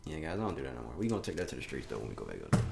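A man's voice: extremely low pitch, very animated, very fast, gravelly, a little mellow, a little hiss or hum. Tired, slangy man hosting a podcast. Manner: loose, joking, swearing freely, slangy. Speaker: podcast host. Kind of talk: casual podcast chat.

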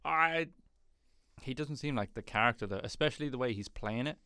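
Gravelly-voiced man, laid-back. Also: medium pitch, animated, a little fast, sharp tone, no room sound, clean studio sound. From Britain. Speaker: podcast co-host. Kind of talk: casual chat.

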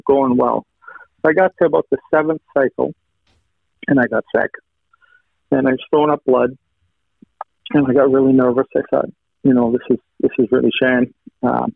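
A man's voice: medium pitch, creaky, dry recording. A man earnestly sharing a personal testimony, retelling conversations line by line and thanking God along the way. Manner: retells conversations, stacking quoted "he said" lines. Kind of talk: personal storytelling. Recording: thin phone-like line, dry.

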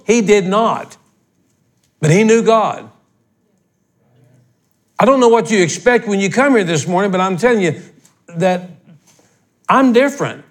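An older man with a high voice preaches a sermon as pastor, speaking in a folksy, blunt manner that builds into emphatic outbursts.

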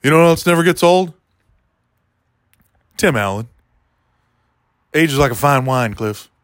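A man doing a rambling, deadpan comedy monologue, talking to a listener by name as he goes. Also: medium pitch, unhurried, no echo, clean studio sound. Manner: meandering, deadpan, keeps addressing a listener by name.

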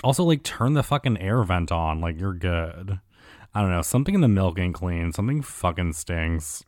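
A man's voice: low voice, lively intonation, normal speed, darkish tone, no room sound. A man riffing sarcastically through a year in review, rambling and swearing with constant fillers. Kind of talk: casual year-in-review commentary.

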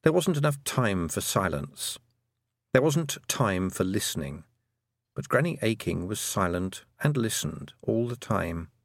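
A man narrating a children's fantasy audiobook in an expressive storytelling manner. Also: fairly low pitch, measured pace, dry recording, studio quality. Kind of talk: scripted narration.

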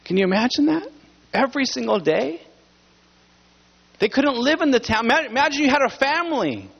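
Man, pastor, very high voice, earnest conversational sermon, church, dull recording. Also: very animated, normal speed, creaky, slightly rough.

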